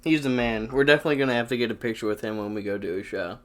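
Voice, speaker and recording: An excitable man co-hosting a loose, casual podcast. He swears freely and laughs often as he talks. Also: medium pitch, racing. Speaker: podcast co-host.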